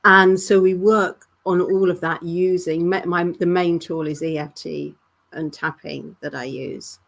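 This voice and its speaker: A woman, a weight-loss coach calmly explaining her methods as a guest. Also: fairly low pitch, a little slow, vocal fry. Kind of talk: interview answers.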